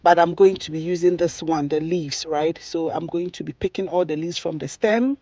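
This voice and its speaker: A woman's voice: deep voice, normal speed, dark tone, no echo. A woman from Ghana with a Ghanaian accent, chatting her way through a cooking tutorial and often tagging sentences with "okay?" and "right?". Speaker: cooking vlogger.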